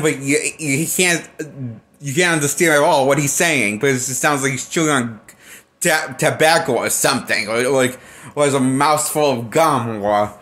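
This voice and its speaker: A man's voice: a little high, fairly bright tone. A man giving a casual film review as a movie critic, blunt and profane, rambling and restarting his sentences often.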